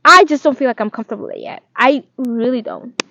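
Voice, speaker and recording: A young woman of about twenty with a slightly high voice, talking openly and rambling in a confessional diary vlog. She leans on "like" as she works through her thoughts. The recording is dry and a little dull. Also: wildly swooping pitch, a little fast, creaky, bright, forceful tone, no room sound. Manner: candid and rambling, heavy use of "like". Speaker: vlogger.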